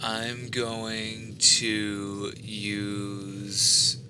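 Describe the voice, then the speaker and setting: A man's voice: fairly low pitch, completely flat delivery, drawn-out words, noisy background. A man playing a tabletop game, thinking aloud hesitantly as he decides his moves. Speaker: player.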